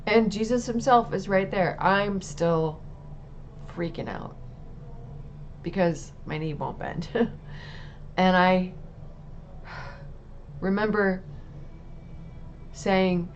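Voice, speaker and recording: A woman's voice: lowish voice, unhurried, long pauses, slight background noise. A mother speaking to a camera, telling her personal testimony in a candid, emotional way and swearing casually. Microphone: talking to camera.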